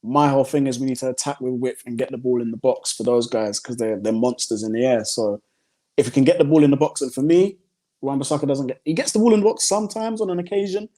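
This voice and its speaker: A man's voice: medium pitch, fairly quick, dark tone, natural voice. A man putting on a football manager's press-conference talk, earnest and rambling.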